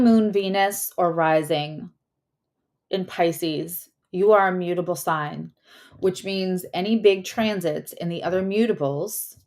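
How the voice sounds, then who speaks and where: A woman with a slightly low voice gives a casual astrology and tarot reading. She talks in a chatty, rambling way and often breaks off to correct herself.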